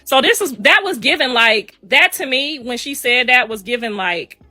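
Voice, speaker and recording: A middle-aged woman speaks in an emphatic, casual rant and hammers her points by repeating phrases. Her voice is bright and sits a little high. The sound is dry and close. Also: expressive, moderate pace, no room sound, soft background music. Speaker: mother speaking on a livestream.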